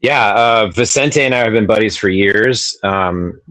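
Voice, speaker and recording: A musician in a casual interview, talking in a loose, rambling way. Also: male voice, lowish voice, a little slow, a bit bright, dry recording. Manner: loose, rambling, many fillers like "like".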